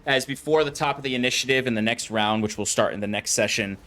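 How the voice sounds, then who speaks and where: A man's voice: medium pitch, fast talker, fairly bright tone. A man narrating as game master of a tabletop game, describing scenes casually with many fillers.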